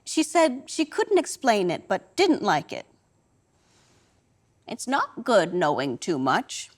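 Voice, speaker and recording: A woman's voice: mid-range voice, huge pitch swings, slow. An older woman performing a wry, dramatic storytelling monologue on a theatre stage.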